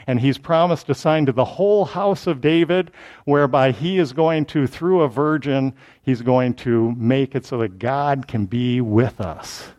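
A man's voice: mid-range voice, darkish tone. A man teaching a sermon verse by verse, switching into raised, proclaiming tones when he reads scripture. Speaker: preacher. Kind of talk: expository Bible teaching.

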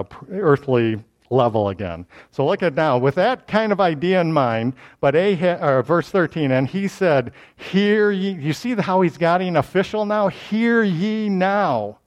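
Male Bible teacher, animated and explanatory, voice pitched slightly high. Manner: animated and explanatory, with frequent restarts. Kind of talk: scripture lesson.

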